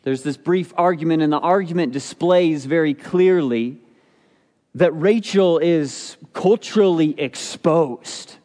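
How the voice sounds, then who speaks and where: A man's voice: fairly high pitch, takes it slowly, mellow. Man preaching in a reverberant hall. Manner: expository preaching, rhetorical questions, acts out quotes. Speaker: pastor. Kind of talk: sermon.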